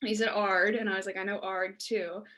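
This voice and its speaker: A woman's voice: mid-range voice, a little fast. A young woman from Pittsburgh co-hosting a casual podcast, telling stories with acted-out quotes. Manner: animated storytelling with acted-out quotes and laughs. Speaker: podcast co-host. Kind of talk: casual chat.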